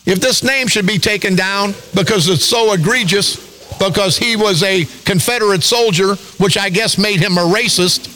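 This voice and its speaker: Ranting bright-voiced male radio host. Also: high-pitched, normal speed. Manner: ranting, confrontational, repetitive. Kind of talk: angry talk radio monologue. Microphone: studio broadcast mic.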